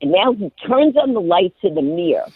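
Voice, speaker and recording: A woman guest telling a story on a radio show in a lively way, acting out the people in it, over a phone line. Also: medium pitch, brisk, slightly rough, no echo. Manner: lively, acts out every character. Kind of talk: animated storytelling on a radio call-in.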